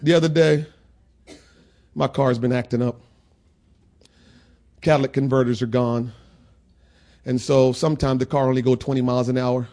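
A man preaching a sermon in a church, swinging between shouted preaching and quiet talk. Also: mid-range voice, steady tone, moderate pace, long pauses. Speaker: pastor. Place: church sanctuary.

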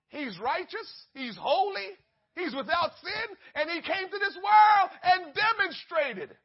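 Emphatic man preaching, high husky voice, muffled lo-fi sound. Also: very animated, unhurried. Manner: emphatic, swings between loud exhortation and hushed asides. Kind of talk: sermon. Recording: dull lo-fi recording.

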